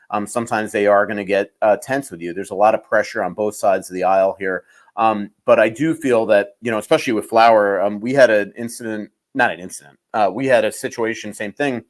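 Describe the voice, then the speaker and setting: Guy with a lowish voice answering in an interview, kinda measured, lots of restarts. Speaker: guest sports writer. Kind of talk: casual interview chat.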